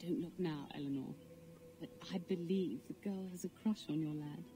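A woman's voice: deep voice, normal speed, music in the background, close to an everyday voice. An actress voicing a flirtatious, teasing noble lady in video game dialogue. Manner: teasing, genteel.

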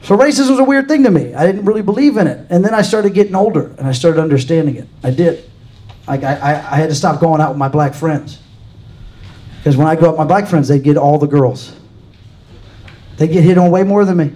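A man's voice: on the high side, animated, fairly quick, mellow, low-quality recording. A man from Louisiana doing a live stand-up set in a comedy club, dry and self-deprecating, chatting with the crowd. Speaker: stand-up comic.

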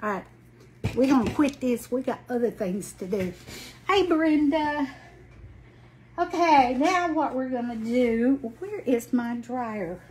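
A folksy woman in her late sixties with a broad Alabama drawl, chatting on a craft livestream as she works. Her voice sits a touch high and her talk is slow and unhurried. A faint hum of room noise stays under her voice. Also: a little mellow. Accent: Southern US, Alabama. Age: 60s. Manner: folksy, chatty, greets viewers by name. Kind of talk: casual livestream chat while crafting.

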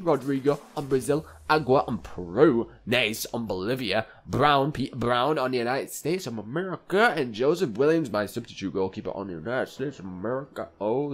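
A young man chatting and joking through football game commentary, often talking to the players on screen. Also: medium pitch. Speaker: gaming YouTuber. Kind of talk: casual gameplay commentary.

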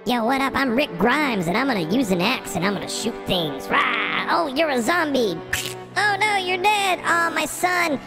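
A man's voice: very high-pitched, very animated, moderate pace, pitched above the performer's own voice, exaggerated voice. A man doing a goofy, over-the-top impression of Rick Grimes, the sheriff from a zombie show, in a yelping voice. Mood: hyper. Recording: game music behind.

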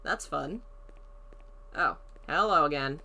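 A woman's voice: low-pitched, animated, slow pace, gravelly, pushed and bright. A woman streaming a horror game, chatting casually, thinking aloud, greeting viewers and laughing often. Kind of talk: casual let's-play commentary.

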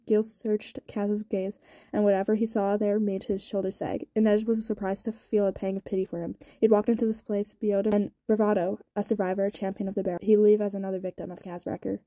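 A woman reading a novel aloud in an even, steady narrating voice. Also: medium pitch, fairly quick, dry recording. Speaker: audiobook reader. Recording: sped-up dry home recording.

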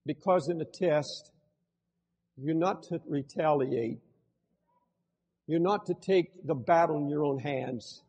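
An older man preaching a sermon as pastor, swinging between loud impassioned outbursts and hushed pleading. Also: a little high, slow, long pauses, slightly rough, in a large hall.

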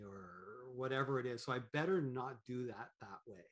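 A man talking as a podcast guest in an animated, rambling way, with many fillers and restarts. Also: medium pitch, normal speed, few pauses. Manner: animated, acts out quoted thoughts in voices. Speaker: podcast guest, business owner. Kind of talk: conversational interview.

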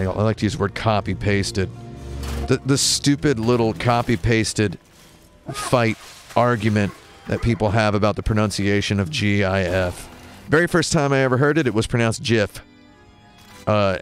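Wry American male streamer, lowish voice, rambling mock rants over loud game music. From United States. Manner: wry, tangent-prone, mock-indignant rants. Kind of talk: rambling live-stream commentary. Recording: game music playing behind.

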